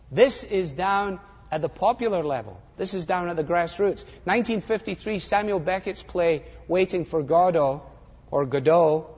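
High-voiced older preacher in a hall. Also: male voice, slightly rough. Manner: animated, sarcastic, mimics voices. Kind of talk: sermon. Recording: dull lo-fi audio in a reverberant hall.

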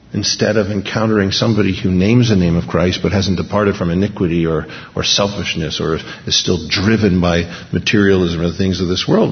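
A man's voice: fairly low pitch, slight background noise. A man preaching an impassioned sermon in a church hall, building to emphatic repeated peaks. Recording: dull lo-fi recording with long hall reverb.

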